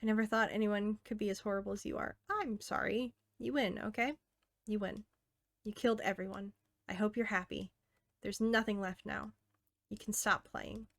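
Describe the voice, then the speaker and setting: A woman reading aloud as a self-aware teenage game girl, earnest and intimate, softly pleading. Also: mid-range voice, dry recording, lightly acted. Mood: bitter.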